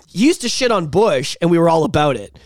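Man, podcast host, ranting, profane, lively pitch, dry sound. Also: fairly quick, no room sound. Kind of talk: casual podcast chat.

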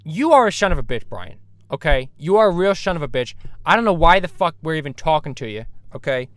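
A man's voice: on the high side, sing-song, brisk, a bit bright, no room sound. A man hosting an improvised comedy chat, talking in a rambling, crude way with lots of restarts. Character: host calling himself a cartoon baby. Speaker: host.

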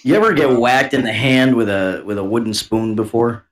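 A man's voice: mid-range voice, moderate pace. A man co-hosting a podcast, teasing and telling crude stories in casual chat. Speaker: podcast co-host.

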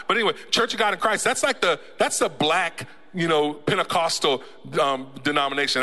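Joking preacher in a reverberant church. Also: male voice, on the high side, bright, forceful tone. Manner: conversational and joking, with laughs and repeated restarts. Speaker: pastor. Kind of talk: sermon. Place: church sanctuary. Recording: church hall with long reverb.

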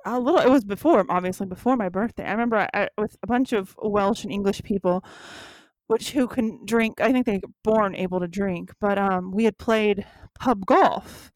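A woman's voice: medium pitch, moderate pace, no room sound. A woman in her thirties co-hosting a casual chat with a friend, rambling and self-mocking, laughing often. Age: 30s. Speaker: podcast co-host.

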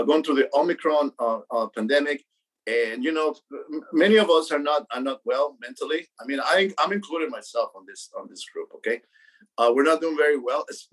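Husky, rambling podcast co-host. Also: male voice, mid-range voice, fairly bright tone, poor audio. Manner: rambling, swears often, repeats words, says bro and man. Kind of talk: casual beer podcast chat. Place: New York.

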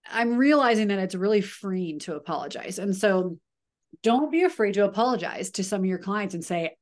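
A woman in her thirties leading a team video call, chatty and upbeat with frequent asides and coaching pep. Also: medium pitch.

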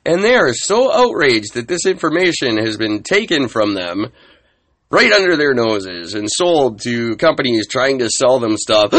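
A man hosting a comedic solo podcast rant, sarcastic and exasperated, with a husky voice. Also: medium pitch, very animated, unhurried, a bit bright, no room sound. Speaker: podcast host.

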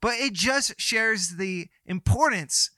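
A man's voice: sits high, expressive, takes it slowly, pushed and bright, no room sound, clean studio sound. A man co-hosting a church podcast, talking in an earnest, encouraging way about faith. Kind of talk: faith podcast conversation and prayer. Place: studio. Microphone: podcast microphone.

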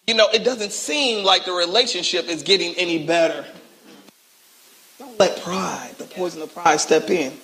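Brief: high-pitched bright male pastor, lively call-and-response sermon, acts out voices. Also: moderate pace, gravelly. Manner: animated call-and-response preaching, acts out quotes. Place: church sanctuary.

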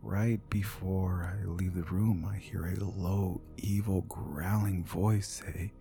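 A man narrating a scripted horror story in a hushed, half-whispered delivery. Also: deep voice, fairly even intonation, slow, gravelly, faint music behind.

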